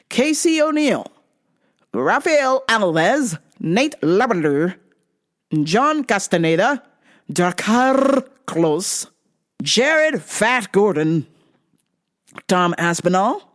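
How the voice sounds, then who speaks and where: A woman hosting a show in a casual comedic monologue, profane and often laughing. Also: on the low side. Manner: animated, profane, laughing a lot. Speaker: show host.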